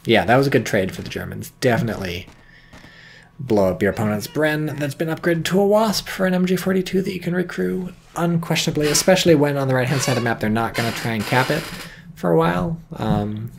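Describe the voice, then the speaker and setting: A man casts a strategy game match in a loose, excitable way, swearing freely and dropping wry asides. His voice is gravelly with a touch of fry and sits at an ordinary pitch. A faint noise sits under the recording. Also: quick pace. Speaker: game caster. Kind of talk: casual game commentary.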